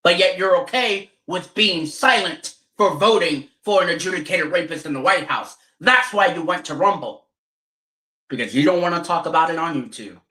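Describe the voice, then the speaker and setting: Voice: mid-range voice, pushed and bright. A streamer in a heated, profane political rant who keeps asking rhetorical questions. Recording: roomy echo.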